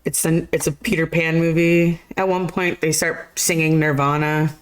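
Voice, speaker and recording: A woman's voice: deep voice, level tone, normal speed. A woman co-hosting a live movie chat show, talking casually and slangily and laughing a lot. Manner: laughs often, slangy and loose, says "bro". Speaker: podcast co-host.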